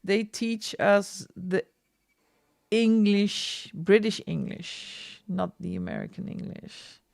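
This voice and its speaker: A woman's voice: medium pitch, lively intonation, slow pace, vocal fry, a little mellow. A Dutch woman with a Dutch accent chatting casually with her viewers while she colours on a live stream, often laughing. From Netherlands. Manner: chatty, laughs often, reads chat aloud.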